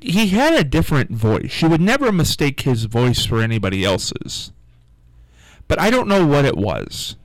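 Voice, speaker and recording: A man's voice: on the high side, very animated, normal speed, no echo, rough recording. A male radio host in casual on-air chat, rambling and searching for his words.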